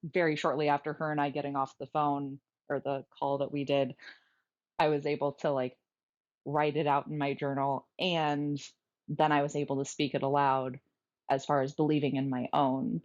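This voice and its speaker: A woman's voice: sits low, little pitch movement, normal speed, darkish tone. A woman co-hosting a podcast, speaking openly and reflectively about personal experiences and laughing easily. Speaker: podcast co-host. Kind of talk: candid podcast conversation. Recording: dull lo-fi sound.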